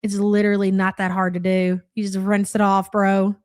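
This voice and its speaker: A woman's voice: mid-range voice, completely flat delivery, moderate pace. A young adult woman giving casual live-stream reaction commentary, blunt and sarcastic, swearing freely and thanking viewers.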